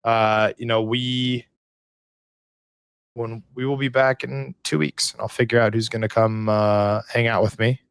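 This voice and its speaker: A man co-hosting a podcast, telling stories in a loose, animated way and swearing often. His voice sits at an ordinary middle pitch, and the sound is close and dry with no room around it. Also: a little slow, creaky, smooth, no echo. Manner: profane, animated storytelling. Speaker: podcast co-host. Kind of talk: casual chat.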